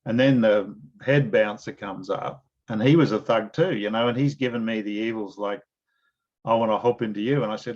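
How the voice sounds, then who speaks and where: A man interviewing a guest and telling animated stories in a casual, slangy way. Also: on the low side, moderate pace, muffled recording. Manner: animated storyteller, blokey slang.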